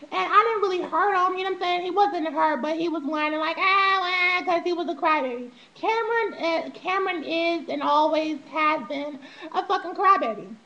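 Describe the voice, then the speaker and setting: A young woman speaks straight to camera, recounting her own past in a loose, profane vlog style. Her voice sits very high and sounds bright and sharp. She laughs often and slips into animated impressions of the people in her story. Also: fairly quick, muffled recording. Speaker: vlogger telling her life story.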